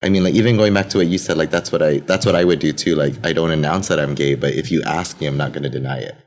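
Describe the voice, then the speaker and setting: A man's voice: very deep voice, fast talker, darkish tone. A man from Guam in a casual podcast roundtable, speaking plainly and dropping dry quips.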